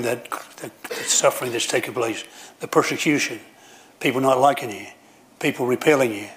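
Man preacher, homespun sermon delivery, repeats and restarts phrases, average pitch, church. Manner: folksy storytelling with frequent restarts and repetition.

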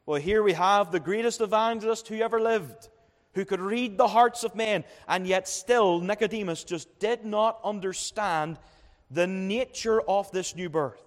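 A man's voice: high voice, a little slow, long reverb tail. A man preaching a sermon as pastor at a young adults' conference, emphatic, repeating key phrases and building up to each point. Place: church.

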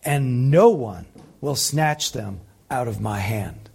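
A man preaching a sermon, impassioned, swinging between loud peaks and soft, quiet passages. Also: medium pitch, expressive, takes it slowly, vocal fry, husky. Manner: impassioned, rising loud then dropping soft. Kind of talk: sermon teaching.

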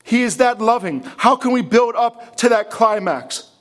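A man's voice: very high-pitched, animated, normal speed. A man preaching a sermon in a church, impassioned and full of rhetorical questions. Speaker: pastor.

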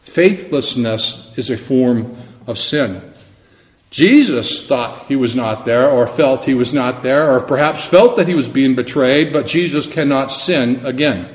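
A man preaching a sermon in an earnest, measured way, slowing down for emphatic scripture quotes. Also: medium pitch. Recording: echoey room, dull lo-fi sound.

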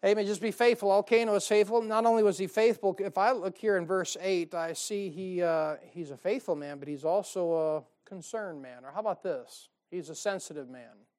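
A male pastor preaching a sermon to a church congregation, joking and calling out "Amen?", swinging between loud and quiet. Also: sits high. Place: church service.

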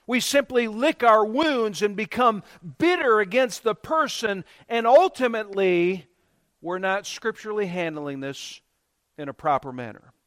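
A male pastor with a strikingly high voice, delivering a sermon. He draws the congregation into call-and-response and swells into emphatic, forceful phrases. The sound is dry and close, with no room echo. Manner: preaching with call-and-response, rising to emphatic bursts.

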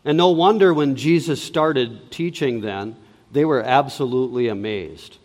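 Slow emphatic pastor in echoing hall. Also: male voice, medium pitch, a little mellow. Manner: emphatic, repeats key words, deliberate. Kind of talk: sermon. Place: church sanctuary.

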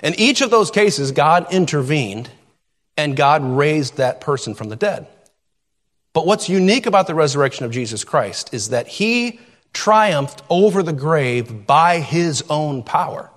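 A male pastor delivering a sermon, reading scripture and explaining it in an expressive, conversational teaching manner. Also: a little high, unhurried, big-room sound.

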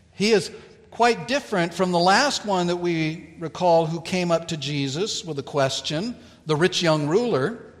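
A man preaching a sermon, telling a Bible story in a slow, deliberate way with dramatic pauses. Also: fairly high pitch, long reverb tail. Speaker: pastor.

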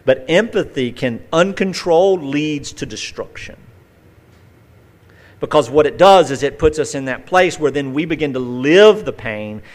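A male pastor preaching a conversational sermon, telling folksy stories with vivid acted-out asides. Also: medium pitch.

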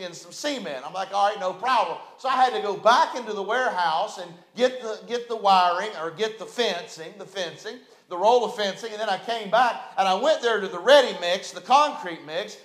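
A middle-aged man with a West Virginian accent preaching a folksy, conversational storytelling sermon in a church sanctuary. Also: sits high. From West Virginia, USA. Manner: folksy, conversational, repeats phrases. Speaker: pastor. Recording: roomy church echo.

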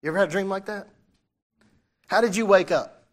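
A man's voice: high voice, fairly quick. A man preaching a sermon, talking it through with his congregation, reading scripture aloud and correcting himself as he goes. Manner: conversational preaching, asks the congregation questions. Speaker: pastor.

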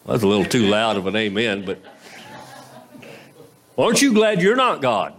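A man preaching a sermon in a conversational style, posing rhetorical questions to the congregation, his pitch swinging between raised and low. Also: huge pitch swings, normal speed. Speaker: pastor.

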